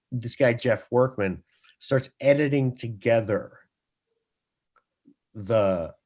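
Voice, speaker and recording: A male guest author on a talk show, telling a long anecdote in a rambling, lively way. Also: on the low side. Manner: rambling, lively storyteller who acts out quotes.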